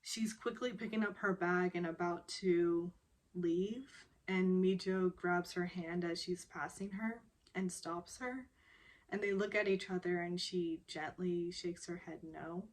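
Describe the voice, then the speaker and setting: A woman's voice: fairly low pitch, measured pace. A woman casually recapping a television drama episode, chatty and laughing often. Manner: chatty, laughs often, animated when quoting characters.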